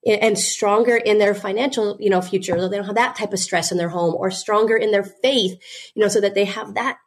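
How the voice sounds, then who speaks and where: A woman guest and business owner telling her story earnestly, with frequent "you know" fillers. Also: mid-range voice. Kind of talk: candid interview storytelling.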